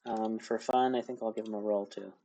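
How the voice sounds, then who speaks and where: A man's voice: on the low side, fairly even intonation, a little fast, warm tone. A young man narrating as game master in casual, laugh-filled speech with many fillers.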